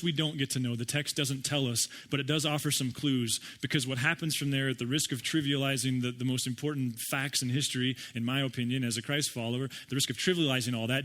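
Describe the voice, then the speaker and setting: A man's voice: medium pitch, fairly bright tone. A man preaching a sermon as pastor, in a conversational way, often asking his listeners rhetorical questions.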